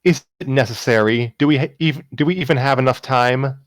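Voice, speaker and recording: A man's voice: medium pitch, fairly quick, no room sound, clean studio sound, pitched above the performer's own voice, natural voice. A man voicing a reluctant, anxious young woman songwriter, hesitant and protesting.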